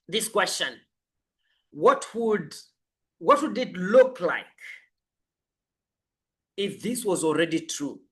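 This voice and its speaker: Coach, motivational talk: unhurried delivery, bright edge, emphatic repeated affirmations. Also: mid-range voice. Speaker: life coach.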